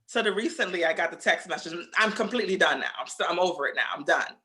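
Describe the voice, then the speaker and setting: A woman's voice: fairly low pitch, expressive, fast talker, sharp tone. A woman telling a personal story in casual podcast chat, blunt and full of profanity. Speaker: podcast guest.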